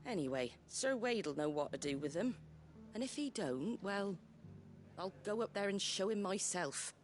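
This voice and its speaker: A woman's voice: medium pitch, animated, normal speed, soft background music, close to an everyday voice. An actress voicing a hearty, practical woman rebuilding her village, speaking in a folksy, blunt way in video game dialogue. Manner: folksy and blunt, dropping word endings.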